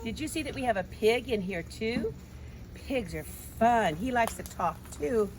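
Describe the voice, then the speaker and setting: A woman's voice: medium pitch, lively intonation, moderate pace, a little mellow, slight background noise. Woman teaching kids at the animal pens. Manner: simple, sing-song, invites children to sing along. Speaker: children's Sabbath school teacher. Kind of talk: teaching small children about farm animals, with songs. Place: outdoors at home animal pens.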